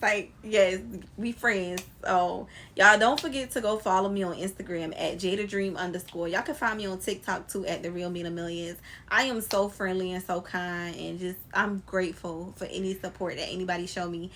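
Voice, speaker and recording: A woman's voice: medium pitch, fairly even intonation, moderate pace, a bit bright. A young adult woman telling a story to her viewers in a casual, emphatic, slangy way, speaking to a camera mic. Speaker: storytime vlogger.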